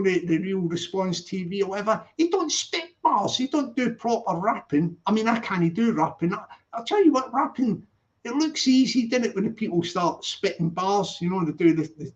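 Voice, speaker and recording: A man's voice: sits high, animated, moderate pace. A man hosting a casual live stream, reading out viewer comments and rambling in a jokey, slangy way with lots of restarts. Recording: muffled lo-fi audio.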